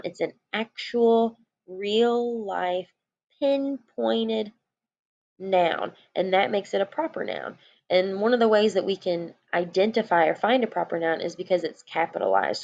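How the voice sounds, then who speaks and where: A woman's voice: medium pitch, gravelly, a little mellow, lo-fi sound. A woman teacher giving a recorded lesson to young children, explaining patiently.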